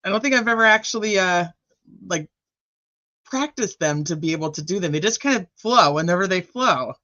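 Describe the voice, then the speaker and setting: A man's voice: sits high, lively intonation, brisk, sharp tone, dry recording. A man hosting a casual livestream, chatting with his viewers, swearing now and then, with a sore throat. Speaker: livestream host. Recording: dull lo-fi dry sound.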